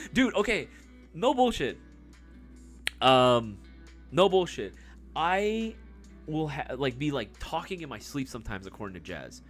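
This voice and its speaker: A young man hosts a casual live stream, tossing off answers to chat with a loose, laughing, swearing manner and a lot of bro. His voice sits a bit high for a man and swings widely in pitch. Faint music plays quietly behind him. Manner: laid-back, swears freely, laughs often, says bro. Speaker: livestream host answering chat.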